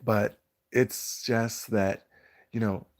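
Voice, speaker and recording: Sounding groggy, as though it's early morning for him, a man chats with his live-stream audience in a slightly low, steady, darkish voice. His casual commentary turns into drawn-out, preachy lecturing, broken up by greetings to viewers in chat.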